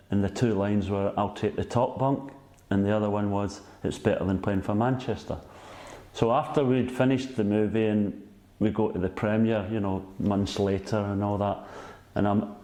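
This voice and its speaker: A man's voice: on the low side, dark tone, echoey room. A Scottish man in his sixties, a former footballer, telling rambling stories as a guest and often asking "you know what I mean?". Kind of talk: casual anecdote telling.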